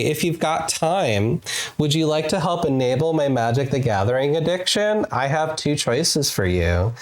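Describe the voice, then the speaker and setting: A playful woman streamer chats with her live viewers while she games. Her pitch swoops all over the place, she takes her time with every word, and she keeps giggling and repeating herself to tease the chat. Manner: playful, giggly, drawn-out teasing repetitions.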